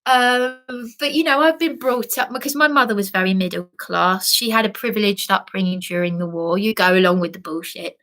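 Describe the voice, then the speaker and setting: A woman's voice: fairly quick, hardly any pauses, a bit bright. An English woman in an emotional vlog monologue, agitated and rambling, swearing and repeating herself. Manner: mimics other people in high put-on voices. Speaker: vlogger.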